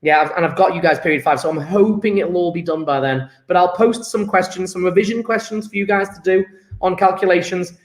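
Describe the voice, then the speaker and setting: A man's voice: sits high, fairly quick, reverberant. A man, a chemistry teacher chatting upbeat and jokey with his class as he takes an online register. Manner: upbeat, joking, chatty with students.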